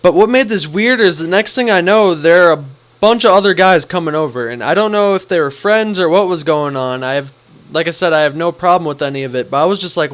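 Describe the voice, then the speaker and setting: A young man tells a story in a casual, animated way, slipping into the voices of the people in it. His voice is high for a man. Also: brisk. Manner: animated, acts out the quotes. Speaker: vlogger.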